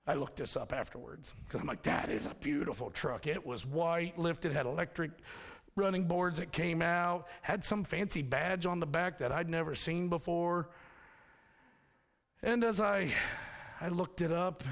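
A man's voice: a little high, a bit bright, in a large hall. A man preaching a sermon in a folksy storytelling manner, mixing scripture with personal stories. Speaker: pastor.

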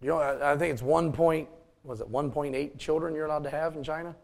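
Folksy pastor with a gravelly voice. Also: male voice, a little high, steady tone, fast, a little mellow. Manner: folksy, joking asides to the congregation. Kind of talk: sermon.

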